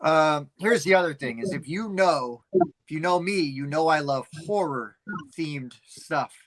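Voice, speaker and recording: A middle-aged man co-hosting a casual chat, telling rambling, animated stories with plenty of fillers. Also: a little high, unhurried, low-quality recording. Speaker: podcast co-host.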